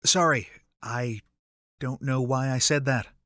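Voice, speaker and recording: A man voicing a young human man who talks in a rasping, choked voice. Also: mid-range voice, steady tone, slow pace, pushed and bright, no echo, studio quality. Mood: strained.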